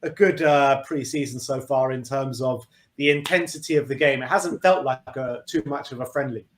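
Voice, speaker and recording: A man's voice: mid-range voice, normal speed, a little hiss or hum. A man co-hosting a live football watch-along, chatting casually and calling the play as it happens. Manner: relaxed, commenting on the match as it happens. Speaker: fan co-host.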